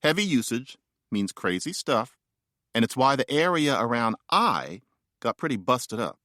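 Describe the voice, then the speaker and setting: A man reads his own nonfiction book aloud, playful and wry, with chatty asides. His voice is mid-pitched and swings widely in melody. The sound is dry and close, recorded in a studio. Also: very animated, measured pace, bright, forceful tone, no echo. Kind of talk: nonfiction audiobook narration.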